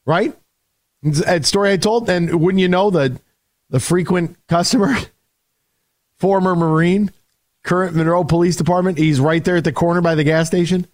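A man hosting a sports radio show, delivering an emphatic, opinionated monologue that swings between loud punchlines and low grumbles. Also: normal speed, dry recording, studio quality.

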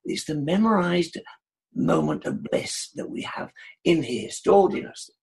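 Male guest, raspy, emphatic and repetitive, slightly high voice. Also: huge pitch swings, measured pace, a little mellow. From United Kingdom. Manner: enthusiastic, emphatic, repeats phrases. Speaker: guest, dementia care advocate. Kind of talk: conversational interview.

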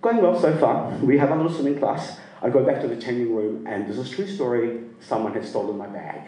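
A middle-aged man from Sri Lanka telling a funny personal story to a live audience, lively and self-mocking, often laughing. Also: mid-range voice, brisk. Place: performance venue. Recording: roomy sound from a distant mic.

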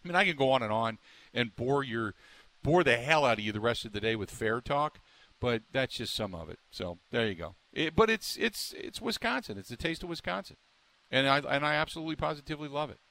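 A man's voice: mid-range voice, animated, fairly quick, bright, forceful tone, dry recording. A man hosting a sports talk radio show, rambling and emphatic, stumbling through restarts as he riffs on the local team.

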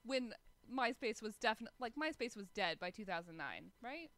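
A woman's voice: fairly high pitch, expressive, normal speed, a bit bright. A woman co-hosting a casual chat about a TV episode, opinionated and wry. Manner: opinionated and wry, with laughs and asides. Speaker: podcast co-host.

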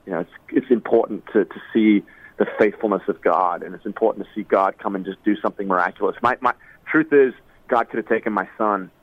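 A man being interviewed who speaks earnestly in a halting way, with frequent restarts, about personal struggles. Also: lowish voice, no echo, phone-quality sound. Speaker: interviewed singer.

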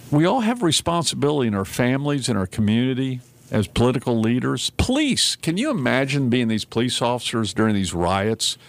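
A man's voice: mid-range voice, creaky. A man hosting a talk radio show in casual chat, telling stories and acting out quotes in raised voices. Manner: animated storyteller, acts out quotes in raised voices.

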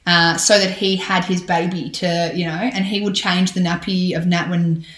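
A woman in her thirties, a parenting podcaster, giving advice in an animated, chatty conversational interview full of fillers and restarts. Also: fairly low pitch, normal speed. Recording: roomy echo.

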